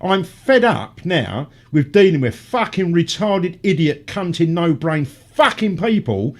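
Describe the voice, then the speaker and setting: A man's voice: fairly high pitch, very animated, unhurried. A middle-aged man, hosting a casual radio chat and ranting with heavy swearing. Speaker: radio show host.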